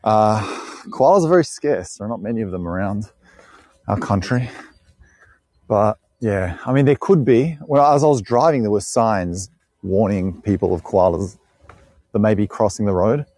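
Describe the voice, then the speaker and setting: A man's voice: lowish voice, normal speed, darkish tone, dry recording. An Australian man chatting with live viewers on an outdoor walking tour, rambling, joking and laughing often. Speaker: live-stream tour guide. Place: outdoors on a bush walk.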